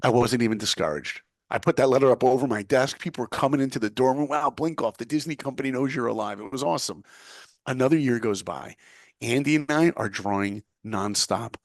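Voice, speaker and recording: A man's voice: mid-range voice, fairly quick, no room sound, studio quality. A middle-aged man from New York telling a story in a punchy, motivational way as a guest. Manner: punchy, motivational, acts out quoted voices. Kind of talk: animated storytelling.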